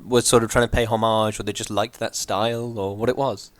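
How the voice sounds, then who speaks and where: A man's voice: fairly low pitch, little pitch movement, fairly quick, no room sound. A man co-hosting a podcast, chatting casually and dropping dry, joking asides. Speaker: podcast co-host. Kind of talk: casual chat.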